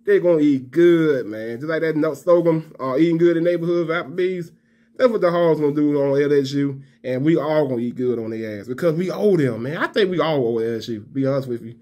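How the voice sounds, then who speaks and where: A man's voice: fairly high pitch, brisk, dark tone. Fired-up man ranting. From Alabama fan. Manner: fired-up, profane, repeats himself, trash-talking. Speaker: college football vlogger. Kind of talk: heated fan rant to camera.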